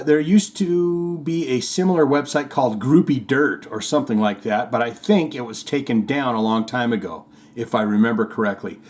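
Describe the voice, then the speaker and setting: A man's voice: medium pitch, darkish tone. A man hosting a podcast, chatting casually and rambling through listener comments, chuckling often. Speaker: podcast host.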